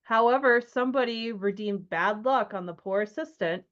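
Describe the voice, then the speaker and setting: A woman's voice: medium pitch, normal speed, a bit bright. A woman narrating a tabletop horror game as game master, loose and chatty, with many ums and likes. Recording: dull lo-fi sound.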